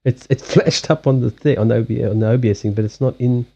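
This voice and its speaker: A man's voice: mid-range voice, fairly even intonation, creaky, warm tone. Chatty African man on a dull stream. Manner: chatty, halting restarts, answers viewer chat. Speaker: live-stream host and card reader. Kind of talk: casual live-stream chat. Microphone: streaming setup.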